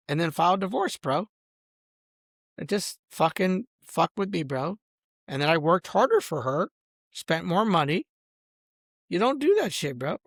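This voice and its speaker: A man's voice: sits high, sing-song, measured pace, creaky, long pauses, fairly bright tone, no echo, clean studio sound. A man in a rambling, angry vlog rant, boastful, smoking a cigar as he talks and saying "bro" and "dog" at every turn. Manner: smoking a cigar while talking. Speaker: vlogger.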